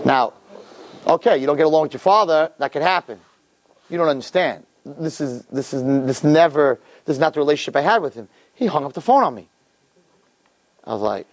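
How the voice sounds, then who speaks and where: Animated man telling a personal story. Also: a little fast, long pauses, slight background noise. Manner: animated, expressive storyteller with big pitch swings. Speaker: teacher. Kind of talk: personal storytelling to a live audience.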